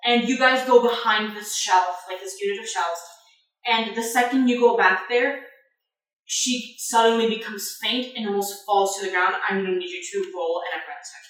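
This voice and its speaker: A woman's voice: mid-range voice, fairly even intonation, moderate pace, fairly bright tone. A woman narrating as game master of a tabletop game, rambling with many fillers. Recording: echoey room, far from mic.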